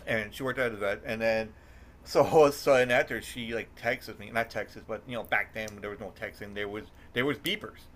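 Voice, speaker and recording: A middle-aged man hosting a podcast, telling an animated story in casual chat, swearing and acting out quotes in a raised voice. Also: lowish voice, brisk. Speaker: podcast host.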